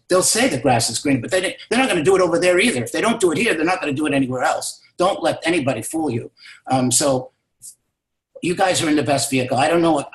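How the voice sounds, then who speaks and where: A man speaking as a business mentor, telling a motivational story emphatically and repeating key words for stress. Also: fairly high pitch. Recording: roomy echo.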